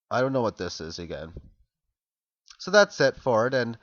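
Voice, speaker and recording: A man giving a casual, halting walkthrough on a video blog, rambling and stumbling over foreign words. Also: mid-range voice, very animated, fairly bright tone, no room sound. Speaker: video blogger. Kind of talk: casual screen walkthrough commentary. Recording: dry, dull lo-fi recording.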